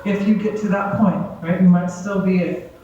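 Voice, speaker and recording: A woman's voice: mid-range voice, fairly even intonation, normal speed, mellow, slight background noise. A woman giving a conversational talk to a gathering, often checking in with the audience. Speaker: guest speaker. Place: community gathering hall. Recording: echoey hall, distant and dull.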